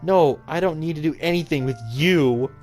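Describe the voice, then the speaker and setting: A man's voice: on the high side, moderate pace, darkish tone, soft background music, pitched above the performer's own voice, lightly acted. A man voicing a despairing, drowsy teenage girl who talks in bitter, fading lines.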